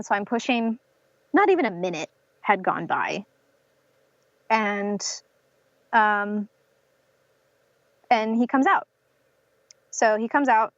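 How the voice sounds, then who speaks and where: A woman's voice: fairly high pitch, a bit bright, no echo. A young woman from North Carolina telling a personal story as a podcast guest, with many fillers like "um" and "like", acting out what others said to her. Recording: slightly dull lo-fi podcast audio.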